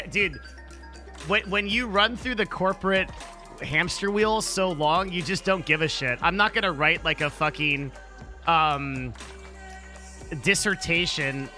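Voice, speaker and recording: A man's voice: high-pitched, moderate pace, sharp tone, faint music behind. A man chatting casually on a live stream, blunt and profane, rambling with lots of "like" and restarts. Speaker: livestreamer answering chat.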